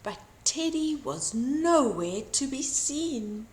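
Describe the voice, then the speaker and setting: An older woman reads a children's bedtime story slowly and expressively. Her high voice rises and falls in a lively way, and the reading rings in a roomy, echoey room. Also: a little hiss or hum. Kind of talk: bedtime story read aloud. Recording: roomy echo.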